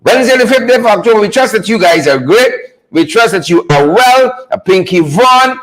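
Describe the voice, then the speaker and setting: A man's voice: sits high, lively intonation, normal speed, fairly bright tone, poor audio. A man hosting a live online talk show, fired up, repeating catchphrases and greeting viewers by name.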